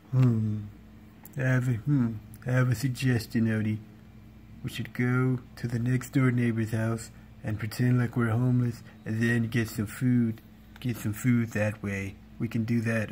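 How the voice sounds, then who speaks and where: A man doing an impression of a lazy, lasagna-loving male cartoon cat with a bossy drawl, in a flat low voice over faint background hum. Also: lightly acted.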